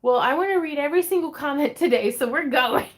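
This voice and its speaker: A woman's voice: sits high, fast talker. A woman hosting a casual crafting livestream from her home craft space, chatting in a bubbly, giggly way and reading viewer comments aloud.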